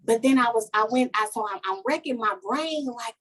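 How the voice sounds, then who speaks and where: A woman, a life coach guesting on a podcast, telling a personal story in a lively, heartfelt way and talking straight to listeners. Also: fairly high pitch, moderate pace. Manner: animated storytelling, talks to listeners as "y'all". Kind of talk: casual podcast conversation, personal testimony.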